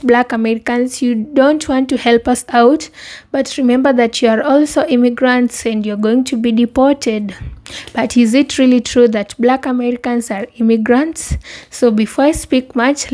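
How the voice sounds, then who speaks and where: A woman's voice: a little high, dark tone. A woman hosting a commentary video, introducing the topic in a polite, earnest way. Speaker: commentary channel host.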